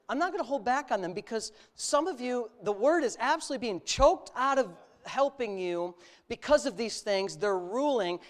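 A middle-aged male preacher who tells a personal story in an easy, conversational way before building into bold, forceful exhortation. His voice sits at an ordinary pitch for a man and climbs to loud, emphatic peaks as he drives his points home. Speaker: pastor. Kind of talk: sermon.

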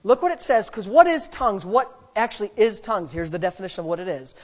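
A woman's voice: medium pitch, big pitch swings. A woman minister preaching and leading prayer in a church service, emphatic and fervent, breaking into speaking in tongues. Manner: emphatic and fervent, with exclamations and repeated words; bursts into rapid speaking in tongues.

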